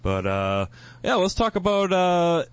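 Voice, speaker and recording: A man hosting a podcast in casual chat, easygoing and quick to laugh, steering the conversation onward. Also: high-pitched, big pitch swings, clean tone. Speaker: podcast host.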